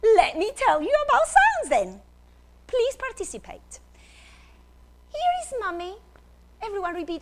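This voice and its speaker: A woman speaker teaches phonics from a stage, playful and theatrical as she leads the audience through each sound. Her voice sits high and swoops up and down constantly. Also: huge pitch swings, moderate pace, pauses often, noisy background. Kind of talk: animated talk with classroom demonstration.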